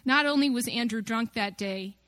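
A woman's voice: a little high, moderate pace, fairly bright tone, no echo. A woman giving a personal testimony talk about faith, earnest and reflective, with rhetorical questions that build up.

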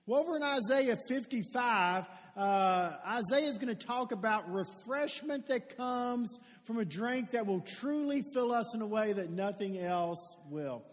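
High-voiced pastor preaching. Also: male voice, animated, a little slow, hardly any pauses. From Louisville, Kentucky. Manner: conversational, builds to loud emphatic calls. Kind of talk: sermon. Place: church sanctuary. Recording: long hall reverb.

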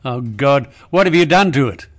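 A man playing a veteran older Australian radio host, wry and unhurried, in a comedy radio sketch. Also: medium pitch, animated, close to an everyday voice. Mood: dry.

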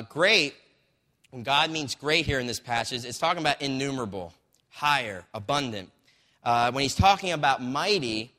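A man's voice: mid-range voice, bright, forceful tone. A man preaching a sermon in a loose, conversational way, telling stories and tossing in "right?" asides. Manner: conversational, storytelling with acted quotes, frequent "right?" asides. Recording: long hall reverb.

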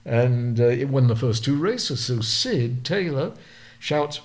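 An older man with a Lancashire accent spins racing anecdotes with a storyteller's relish, acting out the voices of the people he quotes. His voice sits at a middle pitch for a man. He speaks as a guest in an interview. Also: lively intonation, takes it slowly. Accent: Lancashire English. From Lancashire, England. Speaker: guest, retired racing driver.

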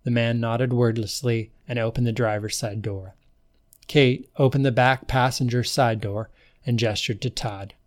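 A man's voice: medium pitch, fairly even intonation, measured pace. Man narrating a storybook podcast. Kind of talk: scripted narration.

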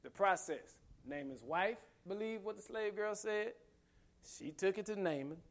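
A male preacher with a notably high voice delivers an emphatic sermon. He builds momentum by repeating rhetorical questions, and he breaks it up with humorous asides and laughs. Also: expressive, a little slow.

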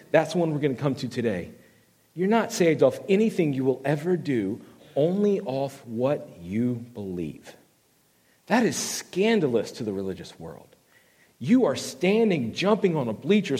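An animated man preaching a sermon, his voice pitched a little high and swinging widely as he tells a story and jokes about himself. The sound rings with the long reverb of a big hall. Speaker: fill-in preacher.

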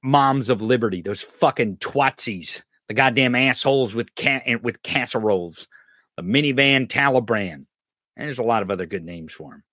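In a studio-quality recording with no room sound, a podcast host gives crude, mocking political commentary over clips, swearing constantly. His medium-pitched voice is expressive and fairly bright, at normal speed.

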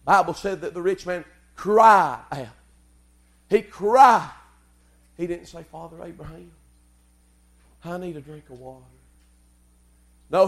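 A man preaching a fiery sermon, shouting in a rhythmic cadence with an "uh" gasp before each phrase. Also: very high-pitched.

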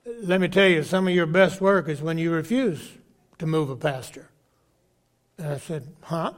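An older man, a bishop preaching a sermon, telling a story with halting restarts and acting out the voices of the people in it. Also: on the high side.

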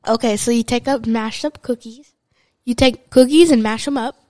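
A woman's voice: on the high side, normal speed, dark tone, no room sound. A young girl co-hosting a casual family podcast with her dad, explaining things matter-of-factly. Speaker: podcast co-host, daughter.

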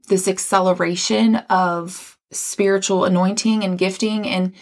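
A woman hosting a faith podcast, telling her own spiritual story in an earnest, rambling way with many restarts. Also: medium pitch. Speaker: podcast host. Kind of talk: casual faith podcast testimony.

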